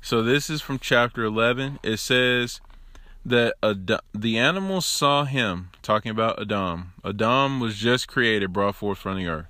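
A man's voice: fairly low pitch, unhurried, sharp tone, no echo. A man giving an informal Torah teaching alone into his own recording device, conversational and emphatic, with joking asides. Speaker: religious teacher.

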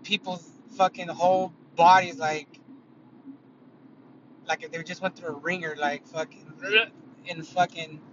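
Guy rambling n cussing a lot in his car, loud road noise behind, kinda muffled audio. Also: fairly high pitch, flat delivery, unhurried, pauses often. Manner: rambling, heavy swearing, many fillers. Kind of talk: casual storytelling.

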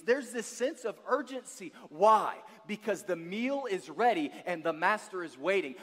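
High-voiced man preaching in a reverberant hall. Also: expressive, unhurried, hardly any pauses. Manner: emphatic, building to loud peaks and dropping to quiet asides. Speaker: guest pastor. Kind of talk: sermon.

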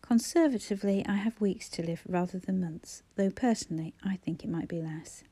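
A frail dying woman, soft and breathy, calm in her resignation, as a woman reads her. The voice is mellow and dark, often dropping toward a whisper. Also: medium pitch, a little fast, no room sound, lightly acted.

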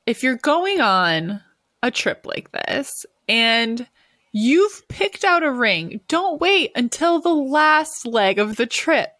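A woman's voice: high-pitched, sing-song, slow, a bit bright, dry recording, clean studio sound. A woman co-hosting a podcast, chiming in supportively in a casual chat. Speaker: podcast co-host. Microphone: video call.

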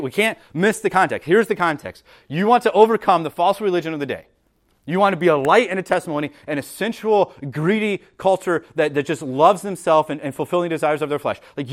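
A male pastor preaches to his church in a relaxed, conversational way. His voice sits a little higher than most men's. He stumbles and repeats words, throws in "like" and "right?", and reads scripture slower and lower. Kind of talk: sermon. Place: church sanctuary.

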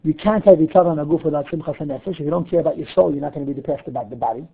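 Guy giving a torah class, high voice, tinny phone-line sound. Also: very fast, husky. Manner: explains Hebrew text line by line, asks and answers questions. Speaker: Torah teacher. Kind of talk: Torah class on Chassidic text. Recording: phone-like narrow audio.

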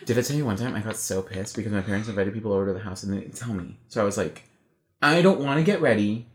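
A woman's voice: extremely low pitch, steady tone, rapid-fire, darkish tone, roomy sound. A woman in a casual movie chat, cracking profane jokes. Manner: profane, wisecracking. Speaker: podcast co-host.

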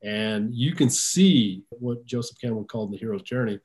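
A man's voice: mid-range voice, normal speed, a little mellow. A man hosting a podcast in casual chat, talking conversationally and often repeating words as he thinks aloud. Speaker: podcast host.

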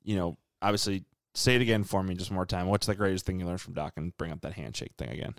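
A man's voice: low-pitched, quick pace, creaky, dry recording, studio quality. A man interviewing people with short, friendly prompts. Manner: friendly, brief prompts, laughs easily. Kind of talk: casual interview.

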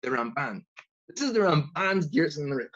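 A young man teaching a Talmud lesson in yeshiva style, animated and full of restarts. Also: on the high side, a little fast, dull audio. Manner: animated, uses Hebrew and Yiddish learning terms, many restarts. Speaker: Torah teacher.

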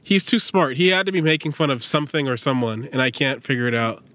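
A man co-hosting a podcast in casual chat, rambling with lots of fillers and quick laughs. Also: medium pitch, expressive, a bit bright. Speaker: podcast co-host.

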